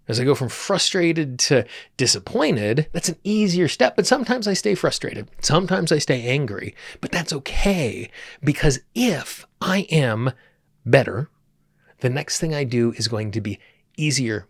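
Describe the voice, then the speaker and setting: A middle-aged man teaches in an earnest, explanatory way, leaning on his key words. His voice sits at an ordinary pitch but swings widely as he makes his points. The sound is close and dry, with no room echo. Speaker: tapping coach. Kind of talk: teaching monologue.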